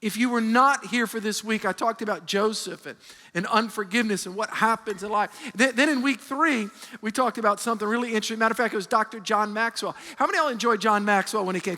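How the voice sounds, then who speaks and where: A man preaching a sermon as pastor, animated and emphatic, often restarting his sentences. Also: sits high, fairly quick. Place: large church hall. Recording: long hall reverb.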